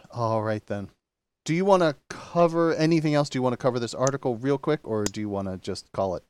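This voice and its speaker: A man's voice: mid-range voice, brisk, a little mellow, clean tone. Easygoing man hosting a podcast. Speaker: podcast host. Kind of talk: casual chat.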